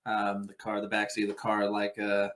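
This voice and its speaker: A man's voice: lowish voice, monotone, moderate pace, fairly bright tone. A man co-hosting a casual movie podcast, blunt and opinionated, with a lot of ums. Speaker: podcast co-host.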